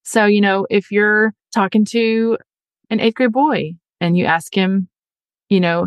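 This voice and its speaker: Earnest chatty woman hosting a podcast, mid pitch, dry close mic. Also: steady tone, unhurried, dry recording, muffled recording. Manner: earnest and chatty, acts out quoted voices. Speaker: podcast host. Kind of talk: casual advice podcast monologue.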